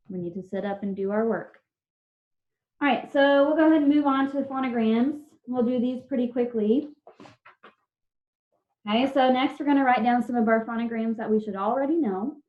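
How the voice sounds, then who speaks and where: A woman teacher giving a patient, step-by-step spelling lesson to children over a video call, sounding out each syllable and letter. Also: on the high side. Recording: dull lo-fi video call audio.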